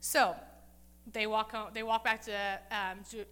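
Bright-voiced woman telling a Bible story. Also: medium pitch, flat delivery, measured pace, clear, resonant tone. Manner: chatty, acts out the characters' lines with "like". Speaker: Bible teacher. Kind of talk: casual Bible-story sermon.

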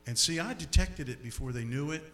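Animated man telling a church testimony. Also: fairly high pitch, fairly quick. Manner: animated, repeats words while telling the story. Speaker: speaker giving a personal testimony.

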